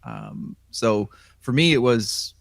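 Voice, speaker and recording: A man in a casual chat, speaking in a hesitant, halting way. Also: mid-range voice, wildly swooping pitch, creaky, no room sound.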